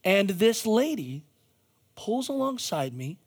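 A man's voice: sits high, sing-song, slow pace, husky. A male pastor giving a conversational sermon, telling a story with jokey asides and frequent restarts.

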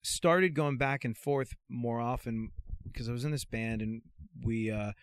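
A middle-aged man with a slight Anglo-American accent, telling stories in a lively, jokey way in a casual chat. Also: medium pitch, measured pace, smooth, no echo, clean studio sound. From America, raised mostly in England. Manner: animated storyteller, jokey. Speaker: radio host guest.

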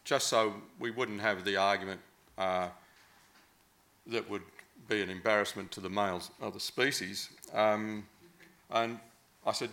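A man's voice: on the low side, fairly even intonation, a little slow, creaky, pauses often, bright, forceful tone. Rambling Australian man telling a story. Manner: rambling, hesitant with many fillers. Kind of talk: casual anecdotal storytelling.

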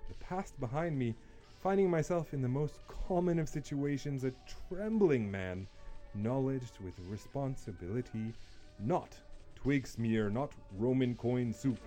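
A man performs a poem in a slow, mellow voice that leaps up and down in pitch. He reads theatrically, dropping to mutters and then bursting out loud, over faint music behind him. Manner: theatrical, swinging from muttering to shouting. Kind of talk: dramatic poetry reading.

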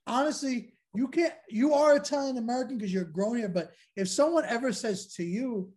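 A man's voice: extremely high pitch, normal speed, darkish tone. A man interviewing a guest in a friendly, chatty way over a video call.

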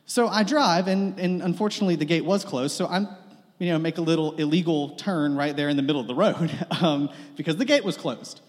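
High-voiced young pastor in a hall. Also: male voice, brisk. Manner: storytelling, casual and joking, many fillers. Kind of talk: sermon. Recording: long reverb of a hall.

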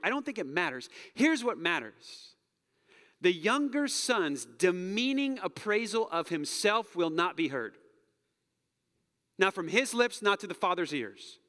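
Animated man preaching in a reverberant hall. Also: high-pitched. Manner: animated, conversational, acts out quotes, drops to soft near-whisper. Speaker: pastor. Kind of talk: sermon.

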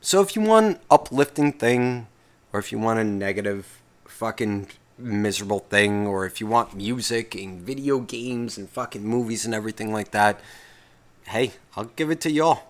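With a lowish voice at normal speed, the podcast host rambles through a casual solo rant. He curses nonstop and breaks off his own sentences partway through.

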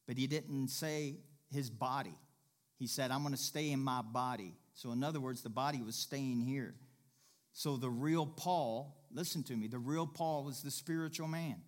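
Man preaching a folksy, emphatic sermon. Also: fairly high pitch. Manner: preaching with rising emphatic bursts and repetition; folksy, jokes with the congregation and laughs. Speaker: pastor.

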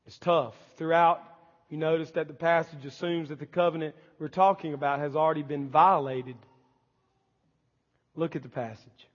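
Male pastor, fervent pulpit delivery, pitched high, dull sermon tape in a reverberant church. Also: steady tone, normal speed. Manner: impassioned preaching, acting out pleading prayers. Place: church sanctuary.

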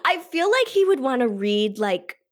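A woman's voice: high-pitched, sing-song, moderate pace. A woman in casual podcast chat, agreeable and giggly.

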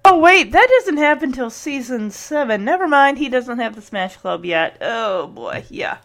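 Lively chatty woman podcaster. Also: sits high, measured pace. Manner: chatty, acts out quoted lines with laughs. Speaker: podcast host. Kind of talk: casual recap of a sitcom episode.

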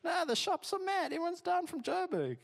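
A man's voice: extremely high pitch, very animated, a little fast, vocal fry, pitched above the performer's own voice, heavily acted. A man voicing a frazzled, overworked local, complaining shrilly and breathlessly.

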